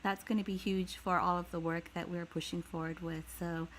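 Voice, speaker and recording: A woman's voice: lowish voice, level tone, fairly quick. Upbeat woman giving an update. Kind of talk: casual live audio chat.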